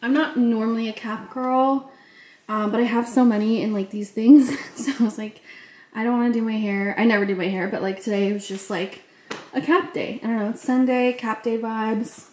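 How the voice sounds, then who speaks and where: A woman's voice: on the high side, steady tone, moderate pace, a little mellow, slight background noise, low-quality recording. A young woman chatting casually to camera as a lifestyle vlogger, bubbly and chatty with lots of fillers. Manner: bubbly, chatty, full of "like" and "so cute".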